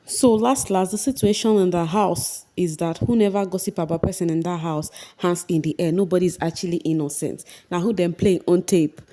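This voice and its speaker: A young Nigerian woman chatting casually as she recaps a reality show, retelling scenes with lively energy. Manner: animated retelling, acting out quotes in a high voice. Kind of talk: casual commentary.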